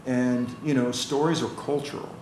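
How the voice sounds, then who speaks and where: A man's voice: mid-range voice, moderate pace. An American man, a chiropractor, telling stories in a casual interview, acting out the voices of the people in them. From United States. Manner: animated storyteller, acts out quoted voices. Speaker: chiropractor guest. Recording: roomy with faint ambient noise.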